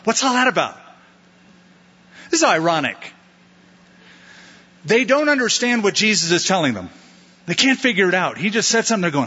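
Lively, conversational male pastor preaching. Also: sits high, normal speed, long pauses, breathy edge, in a large hall, highs cut off. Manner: conversational, acts out disciples' lines with playful put-on voices. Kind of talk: expository sermon.

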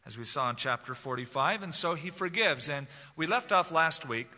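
Speaking at a moderate pace with a sharp, expressive, fairly high voice, a male pastor works through scripture verse by verse in a conversational expository sermon, giving voice to the biblical figures. The church sanctuary adds a long hall reverb.

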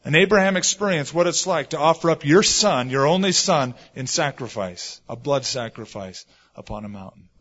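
A middle-aged man preaching a sermon, telling stories and swinging between loud stresses and hushed asides. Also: a little high, lively intonation, moderate pace, breathy edge. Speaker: pastor. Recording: dull lo-fi sermon recording.

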